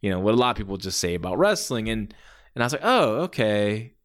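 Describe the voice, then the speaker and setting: Rapid-fire and expressive, this man's lowish voice carries a casual podcast monologue. The host, in his forties, rambles through stories with great enthusiasm and plenty of filler words.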